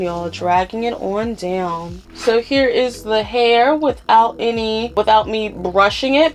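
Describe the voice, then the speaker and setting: A young woman with a Philadelphia accent giving a casual step-by-step hair tutorial, chatting to viewers as y'all. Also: fairly high pitch. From Philadelphia, USA.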